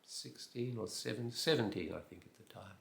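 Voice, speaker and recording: A man in his eighties, from New Zealand with an Australian accent, telling a personal anecdote in an unhurried way with fillers and wry asides. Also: on the low side, gravelly, fairly bright tone, roomy sound. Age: 80s. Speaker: storyteller.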